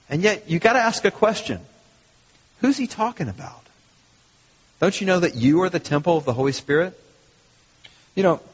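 Animated husky male pastor preaching. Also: on the high side. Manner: animated, rhetorical questions, repeats phrases. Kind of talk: sermon. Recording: long hall reverb, dull lo-fi sound.

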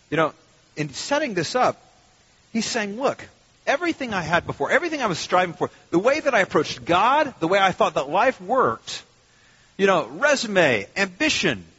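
A middle-aged man preaching a sermon in a conversational, animated way, breaking into loud mock rants. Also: a little high, husky. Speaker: pastor. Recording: dull, lo-fi sermon recording.

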